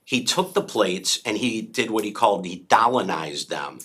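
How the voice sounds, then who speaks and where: A man's voice: lowish voice, expressive, moderate pace, sharp tone, slightly rough. A man who runs an art gallery, telling stories and explaining the art as a guest in a studio chat. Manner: explanatory, storytelling. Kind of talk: casual interview chat.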